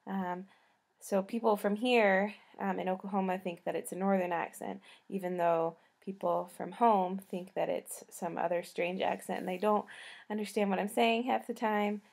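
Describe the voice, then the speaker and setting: Young woman vlogger, slight Southern US twang, worn out, creaky fry, rambling chat. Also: medium pitch, steady tone, normal speed. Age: young adult. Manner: rambling, soft and trailing off. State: tired. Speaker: college student vlogger. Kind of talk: casual chat to camera.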